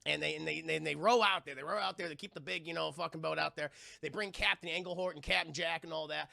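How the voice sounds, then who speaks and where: Male streamer, high and gravelly, very bright, swearing casual film recap aimed at chat. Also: fast talker, no room sound, studio quality. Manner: animated and profane, keeps addressing his chat; bursts into loud high laughter.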